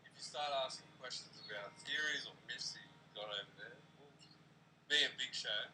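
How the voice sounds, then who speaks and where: A man's voice: medium pitch, a little fast, bright, forceful tone, slight background noise, low-quality recording. A man co-hosting a casual crypto livestream, joking and teasing. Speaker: co-host. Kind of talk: casual chat.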